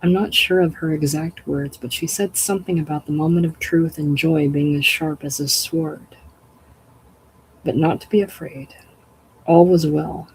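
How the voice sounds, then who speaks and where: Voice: mid-range voice, fairly even intonation, moderate pace, breathy edge, low-quality recording. A reader voicing an urgent, elated grieving wife.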